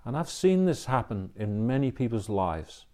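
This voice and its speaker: A man gives an inspirational talk and tells a personal story. He speaks in an earnest, reflective way, sometimes drops to a hushed whisper, and often checks in with "you know" and "okay?" His voice sits at an ordinary middle pitch. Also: very animated, normal speed.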